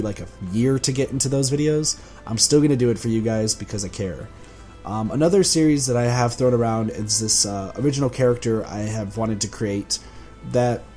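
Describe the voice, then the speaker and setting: A man with a hoarse, sore voice giving a casual, rambling channel update as a gaming YouTuber, often restarting words and chuckling. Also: medium pitch, a little mellow. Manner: rambling, self-correcting, chuckling.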